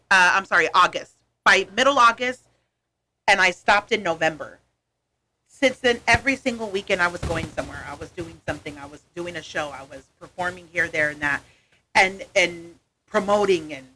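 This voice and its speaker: A woman in her thirties, a comedian guest in a radio studio, chatting casually and acting out voices as she tells stories. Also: mid-range voice. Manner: animated storyteller, acts out voices. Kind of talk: casual interview chat.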